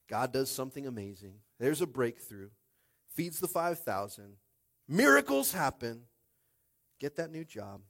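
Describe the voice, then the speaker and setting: A male pastor giving a lively, conversational sermon, often calling out to the congregation and swinging between hushed and shouted lines. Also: mid-range voice.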